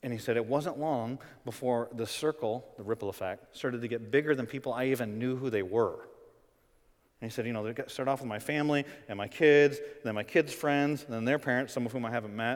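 Pastor, male, mid-pitched voice, delivering an animated sermon that rises to loud emphasis; recorded in a big hall with long reverb. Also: fast talker. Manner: swings from soft to loud, animated preaching.

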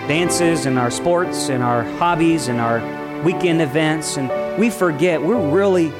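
A man's voice: on the high side, measured pace, loud music behind the voice. A man preaching a sermon at a church service, passionate and full of rhetorical questions. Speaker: pastor.

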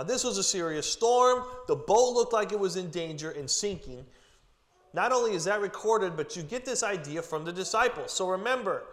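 A man preaching a casual, joking sermon to a group, with chatty asides. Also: sits high. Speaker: pastor. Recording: long hall reverb.

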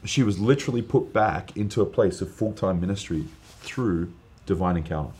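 A man, a guest preacher, telling an earnest, animated testimony story in casual podcast chat, with lots of fillers. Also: low-pitched, normal speed.

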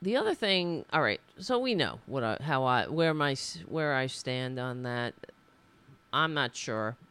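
A woman's voice: extremely low pitch, very animated, a little slow, a bit bright, smooth. A woman hosting a casual political livestream, talking in a rambling, indignant way with frequent restarts. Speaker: livestream host.

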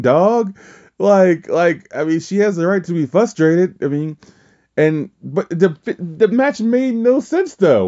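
A man's voice: fairly high pitch, warm tone, dull audio. A man hosting a podcast, recapping wrestling in casual, rambling chat full of swearing and fillers. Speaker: podcast host.

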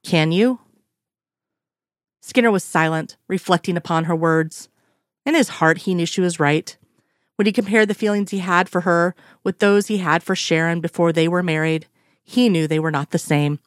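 A woman reading a romance story aloud in a steady, unhurried way. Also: fairly low pitch, no echo, clean studio sound. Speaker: reader. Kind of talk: fan fiction read aloud.

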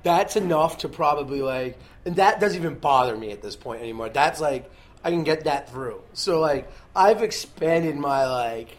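A man's voice: a little high, animated, normal speed. A young man chatting casually as co-host, teasing and joking through his stories. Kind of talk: casual chat.

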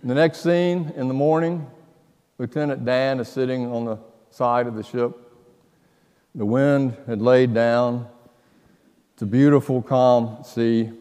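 A male pastor delivering a sermon at an unhurried, deliberate pace. His voice carries a long reverb from a church sanctuary. He tells stories dramatically, shifting between quiet hushes and loud outbursts. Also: mid-range voice, fairly even intonation, clean tone. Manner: slow, dramatic storytelling with sudden loud outbursts and hushed passages.

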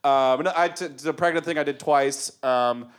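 A man's voice: a little high, moderate pace, clean tone. A man telling rambling stories in casual chat, laughing often as he talks.

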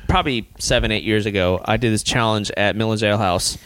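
A man from Louisiana, a podcast host, telling a story in casual chat, animated and swearing, acting out the quotes with laughter. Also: on the low side, fast, clear, resonant tone, no echo. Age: adult.

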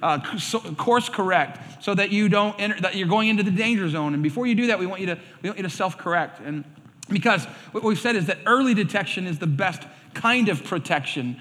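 A man's voice: high-pitched, a little fast, sharp tone. A male pastor preaching a sermon, telling stories animatedly and acting out quoted voices. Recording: reverberant hall sound.

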